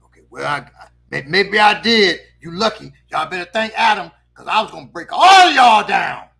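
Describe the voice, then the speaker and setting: Man putting on a fierce older woman teacher, high sing-song voice, bright, storytelling impression. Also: brisk. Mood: furious. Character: fierce older woman teacher, violent, tearful when cornered.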